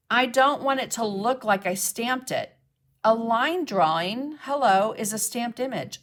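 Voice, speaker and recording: Brief: woman art instructor, mid-pitch, live painting demo, chatty, checks in with viewers, thanks commenters. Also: a bit bright. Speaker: mixed media art instructor. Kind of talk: live-stream painting demonstration.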